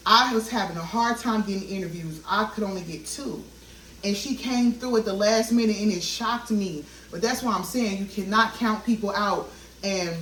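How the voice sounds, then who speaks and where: A woman's voice: medium pitch, slight background noise. A woman in her thirties talks earnestly to her viewers while she cooks at home. Her speech is heartfelt and testifying, and she keeps calling them y'all. She sounds like she is standing back from the mic, with the room's echo and faint frying sizzle around her. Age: 30s. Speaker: vlogger. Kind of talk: casual talk while cooking. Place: home kitchen. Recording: echoey kitchen, mic at a distance, cooking sizzle. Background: frying and sizzling food.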